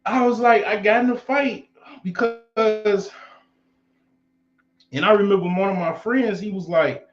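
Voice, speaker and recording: A man's voice: high-pitched, steady tone, unhurried. A man in his forties telling stories casually in a loose, rambling and profane way. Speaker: vlogger. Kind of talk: casual storytelling. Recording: roomy, slightly dull recording.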